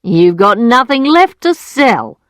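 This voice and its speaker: Woman reading as cold scornful moneylender man, slow deliberate words, dry sound, storybook reading. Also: a little high, very animated, fairly bright tone, no echo, pitched above the performer's own voice, exaggerated voice. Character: cold, mocking male moneylender.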